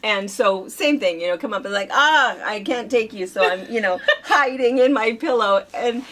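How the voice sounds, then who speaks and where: A middle-aged woman chatting casually as co-host, telling animated family stories and laughing often. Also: mid-range voice, moderate pace. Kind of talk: casual chat.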